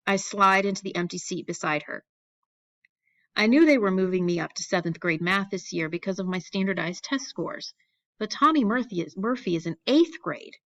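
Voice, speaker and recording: A woman's voice: on the low side, a bit bright, lo-fi sound. A woman narrating a first-person audiobook in a wry, anxious storytelling manner. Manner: wry, anxious storytelling of a young boy's thoughts.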